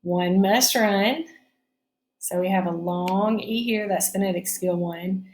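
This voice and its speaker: A woman's voice: mid-range voice, takes it slowly, darkish tone, a little hiss or hum. A middle-aged woman teaching a recorded phonics lesson from her home kitchen, talking patiently and checking in with her students often.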